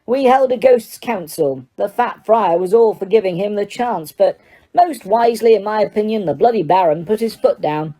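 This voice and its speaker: A woman's voice: mid-range voice, normal speed, mellow, pitched above the performer's own voice, natural voice. A woman voicing a fussy, genteel male ghost who is chatty and a little pompous, in an audiobook reading. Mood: prim. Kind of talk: audiobook character voice.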